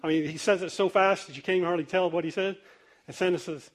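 A man's voice: sits high, steady tone, fast talker. Folksy storytelling preacher, a man. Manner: conversational, folksy, laughs through stories. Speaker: pastor. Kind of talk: sermon storytelling.

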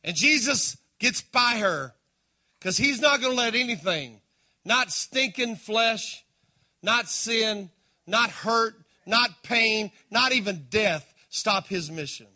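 A man preaching a sermon as pastor, swinging between loud emphasis and hushed appeals and calling out to his listeners. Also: high voice, expressive, slow pace. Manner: calls out to the congregation.

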